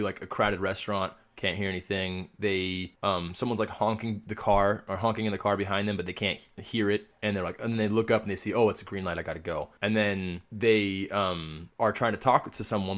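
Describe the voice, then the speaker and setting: Young male podcast co-host, lowish voice, rambling and profane, laughs a lot. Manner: rambling storyteller, swears and laughs often. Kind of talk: casual chat.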